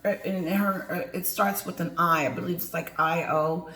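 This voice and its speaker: A woman's voice: fairly low pitch, normal speed, gravelly, few pauses, a bit bright, a little hiss or hum. Sassy ranting middle-aged woman, echoey room. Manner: sassy, emphatic, talks straight to viewers and greets them. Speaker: commentary vlogger. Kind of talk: opinion rant to viewers.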